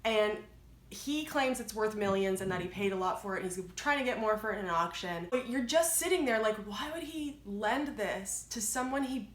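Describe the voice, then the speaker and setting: A woman's voice: medium pitch, animated, moderate pace. A young adult woman vlogging a casual movie review, chatty and rambling, with lots of filler words. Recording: echoey room.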